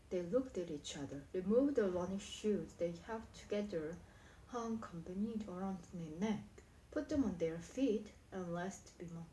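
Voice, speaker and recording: Slow Korean-accented woman reading aloud. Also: medium pitch, dark tone, echoey room, a little hiss or hum, poor audio. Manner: slow, careful reading with frequent stumbles. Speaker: English learner reading aloud. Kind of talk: slow read-aloud practice of a book.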